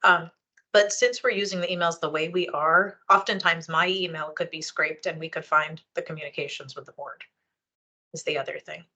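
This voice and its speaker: A woman leads a public board meeting over a video call, talking through procedure in a conversational, explanatory way. Her voice sits a little low but sounds bright and clear, with frequent ums and restarts. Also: fairly even intonation, moderate pace. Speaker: meeting chair, library official.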